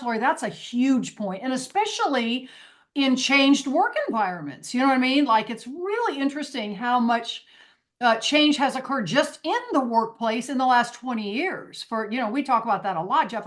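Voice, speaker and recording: A woman's voice: a little high, expressive. A woman co-hosting a podcast, chatting casually and responding with enthusiasm. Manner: enthusiastic, quick agreeing responses. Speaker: podcast co-host. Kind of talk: casual chat.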